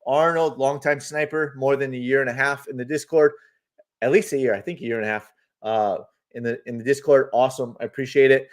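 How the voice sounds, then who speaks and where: A man's voice: medium pitch, fairly even intonation, fairly quick. A man hosting a live market stream, chatting casually, greeting viewers by name and talking through charts as he goes. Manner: laughs easily, loose and talkative. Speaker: host of a live trading stream.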